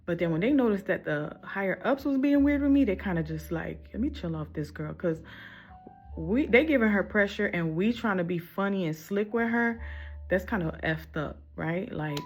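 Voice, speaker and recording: A woman's voice: mid-range voice, expressive, moderate pace, slightly rough, faint music behind. A woman telling a casual storytime in a candid, rambling, emphatic way, full of casual slang.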